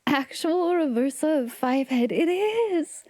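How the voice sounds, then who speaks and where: A woman's voice: sits high, lively intonation, slow, a little mellow, no echo. A woman hosting a livestream, chatting casually and playfully with viewers, often giggling and sometimes dropping to a whisper. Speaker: livestream host.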